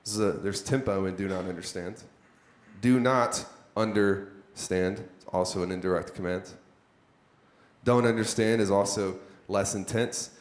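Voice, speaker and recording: A man's voice: sits low, steady tone, a little slow. A man leading a live workshop on content creation for a room of listeners, talking conversationally and putting questions to the audience. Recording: echoey room.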